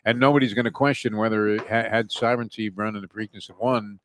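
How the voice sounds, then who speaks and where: A man's voice: on the low side, steady tone, quick pace, a bit bright, a little hiss or hum. A man co-hosting a casual outdoor chat at the beach, joking and often restarting his sentences. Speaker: co-host. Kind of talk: casual banter.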